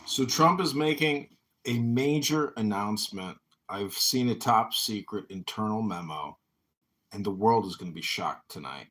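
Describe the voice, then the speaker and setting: Effusive man with a bright voice. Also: lowish voice, a little slow. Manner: effusive, repeats greetings and catchphrases. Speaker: political candidate hosting an audio chat room. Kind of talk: casual chat. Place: online audio chat room.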